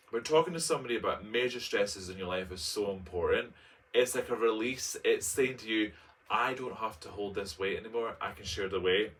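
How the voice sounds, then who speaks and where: A man's voice: lowish voice, a bit bright, distant mic. A man, reading his own personal essay aloud and breaking off for camp, playful asides. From Scotland. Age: late 20s. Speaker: vlogger.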